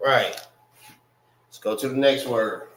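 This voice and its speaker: A man teaching a language class, slowly spelling out and repeating words for his students. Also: medium pitch, a bit bright, slight background noise. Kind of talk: classroom lesson on pronunciation. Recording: echoey room, mic far off.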